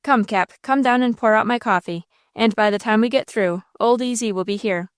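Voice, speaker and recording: A woman's voice: a little high, moderate pace, clear, resonant tone, dry recording, lightly acted. Woman playing a blustery old man, scolding, dry close sound. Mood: scornful.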